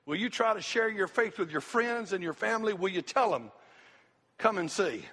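A man's voice: high voice, expressive, moderate pace, fairly bright tone, husky. A middle-aged man, preaching a sermon with an impassioned, repetitive cadence as a pastor. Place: church sanctuary. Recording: long hall reverb, faint music.

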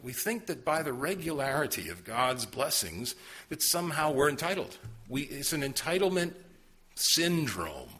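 A man's voice: fairly low pitch, a bit bright, husky. A man preaching a sermon, telling a story and asking rhetorical questions in an earnest manner. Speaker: pastor.

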